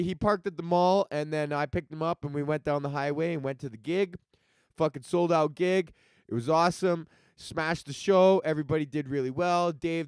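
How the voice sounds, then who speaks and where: A man with a fairly high voice hosts his own comedy podcast and rants casually with plenty of swearing. His voice is smooth and resonant and sounds close to the mic in a dry, dead room. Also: dry recording. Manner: profane, animated storytelling with acted-out quotes. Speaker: podcast host and stand-up comedian.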